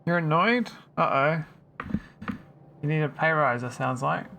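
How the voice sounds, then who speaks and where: Gravelly, bright man. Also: a little high, measured pace, faint music behind. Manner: chatty, teasing, thinks aloud. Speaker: game streamer. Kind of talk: casual live-stream chat while playing.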